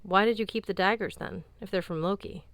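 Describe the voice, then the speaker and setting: A woman's voice: mid-range voice, a little fast, fairly bright tone, dry recording, natural voice. Woman reading as an earnest teenage boy. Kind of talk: audiobook character voice.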